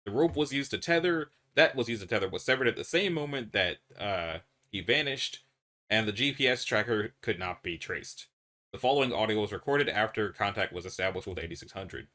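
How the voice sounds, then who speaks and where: A man's voice: fairly low pitch, animated, fairly quick, sharp tone. Man reading a report matter-of-factly. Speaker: narrator of horror fiction.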